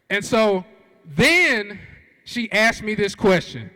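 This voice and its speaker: A man speaks from a large auditorium stage, telling a comic story and acting out every voice. His pitch is high for a man and swings widely, and a long hall reverb trails his words. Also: takes it slowly. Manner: animated, acts out quoted voices. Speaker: keynote speaker. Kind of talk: comedic storytelling keynote.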